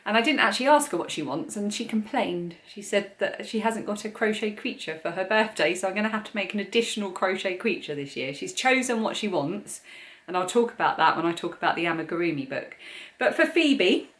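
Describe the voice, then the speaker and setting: A woman's voice: mid-range voice, animated, a little fast, a bit bright. A woman in her forties with an English accent, chatting casually on her craft podcast and gushing over the toys she makes. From England. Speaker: podcast host. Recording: echoey room.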